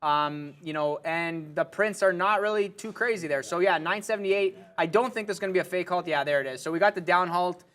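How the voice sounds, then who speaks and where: A man's voice: high voice, a little fast, few pauses, fairly bright tone. Casual man calling live trades. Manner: casual, loose, many fillers. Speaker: day trader co-host. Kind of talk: live trading commentary.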